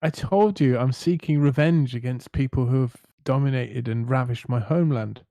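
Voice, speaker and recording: A man's voice: mid-range voice, normal speed, gravelly, warm tone, no echo. A man playing a tabletop game, hesitant and jokey. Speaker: player. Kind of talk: tabletop role-play.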